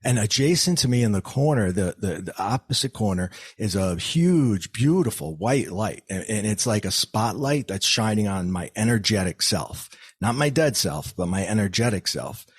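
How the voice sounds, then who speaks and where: Man, lowish voice, earnest storytelling, stumbling restarts, dry close sound. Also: expressive, moderate pace, hardly any pauses, slightly rough, no echo. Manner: earnest, many restarts and fillers. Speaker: podcast guest. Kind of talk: personal storytelling in an interview.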